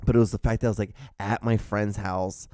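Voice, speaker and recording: Young man, host, low dark voice, tired and fading, rambling with fillers, profane, dry close room. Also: fairly even intonation, fairly quick, no echo. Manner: rambling, profane, self-deprecating, lots of fillers and restarts. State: tired, voice going out. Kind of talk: casual solo rambling.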